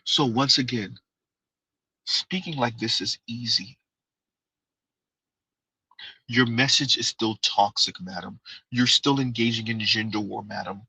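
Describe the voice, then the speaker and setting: Man doing a hushed, mock-polite, over-enunciated put-down voice. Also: mid-range voice, unhurried, creaky, breathy edge, no echo, pitched below the performer's own voice, heavily acted, poor audio. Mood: mock-genteel. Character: soft-spoken, prim, condescending male commentator.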